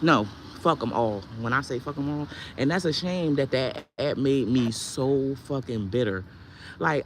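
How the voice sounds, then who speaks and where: A woman's voice: lowish voice, slight background noise. A woman who sells herbal products, ranting on her vlog in a heated, blunt, profane way. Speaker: herbal products seller and content creator.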